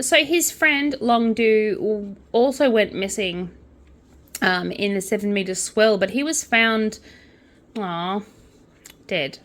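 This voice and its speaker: A woman's voice: medium pitch, a little hiss or hum. A young woman hosting a casual crochet and true-crime channel, reading news items aloud and adding chatty asides. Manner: chatty, with asides and quiet counting under her breath.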